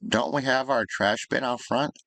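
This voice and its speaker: A man's voice: medium pitch, fairly even intonation, normal speed, sharp tone, no room sound. Chatty man narrating a life-sim game. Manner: chatty, thinking aloud, easygoing. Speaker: gaming YouTuber. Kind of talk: casual Sims gameplay commentary.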